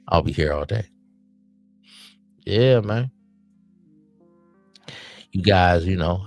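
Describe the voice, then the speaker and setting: Running a loose late-night podcast stream, a man with a very low, gravelly voice lectures listeners like an uncle, handing out hard-won, streetwise and preachy advice to his "nephews." Faint music plays behind his casual monologue.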